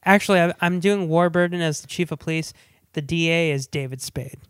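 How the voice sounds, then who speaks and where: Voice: medium pitch, fairly quick, clean tone, no echo, studio quality. A podcast co-host chatting about movies in an eager, rambling way, with restarts and asides. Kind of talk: casual movie chat.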